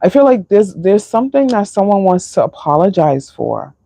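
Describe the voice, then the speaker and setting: A woman's voice: medium pitch, big pitch swings, moderate pace, dark tone, dry recording. A woman doing a live tarot reading, emotional and sighing, with many fillers. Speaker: tarot reader.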